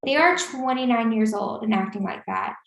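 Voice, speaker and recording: A woman's voice: normal speed, creaky. A woman in her twenties telling a story in casual chat, acting out the voices of the people she quotes. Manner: animated, acts out quoted lines with rising pitch. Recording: roomy echo.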